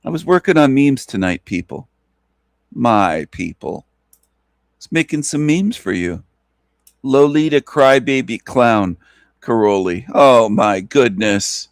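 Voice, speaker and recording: Male host, slow and gravelly, rambling mocking monologue, dry close sound. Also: mid-range voice, sing-song, no echo. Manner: mocking, repetitive. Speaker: show host.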